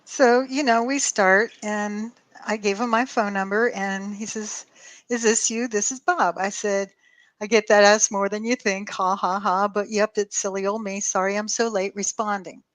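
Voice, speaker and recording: A woman's voice: mid-range voice, steady tone, normal speed, no echo. A woman telling a long story on a call show, acting out both sides of the dialogue and swearing freely. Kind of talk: casual storytelling chat.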